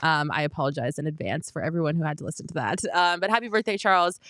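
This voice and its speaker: A young woman hosting a sports talk show, chatting casually and upbeat, quick to laugh. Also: low-pitched, noisy background. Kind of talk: casual solo sports chat.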